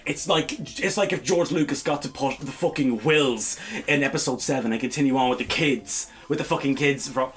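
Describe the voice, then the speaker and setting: Ranting male podcast co-host, fairly high voice, very animated, exasperated, profane. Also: normal speed. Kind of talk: ranting casual chat.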